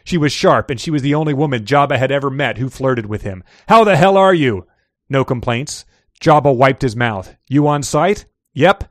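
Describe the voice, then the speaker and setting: A man of middle pitch reads prose passages aloud for a podcast, slipping into light character voices for the dialogue. The sound is dry and close, with no room around it. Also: normal speed, no echo. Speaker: podcast co-host reading excerpts. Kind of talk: casual podcast chat and reading aloud.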